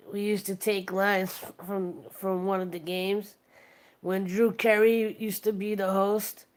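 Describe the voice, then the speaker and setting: A woman hosting a livestream chats casually and retells a funny story, restarting often and acting out quotes. Her voice is mid-range and smooth.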